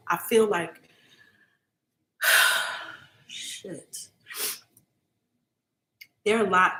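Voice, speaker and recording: Her voice is mid-range with a fairly bright tone. Doing a live-streamed psychic reading, she talks casually and emphatically, keeps asking viewers "okay?", and stays earnest and emotional, at times nearly crying.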